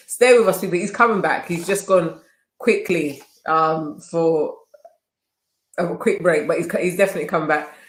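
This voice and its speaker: London guy in his 40s, chatty co-host, laughs a lot, bit high voice, echoey room. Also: moderate pace, a bit bright. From England. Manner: chatty, laughing, repeats phrases. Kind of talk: casual chat on a live stream.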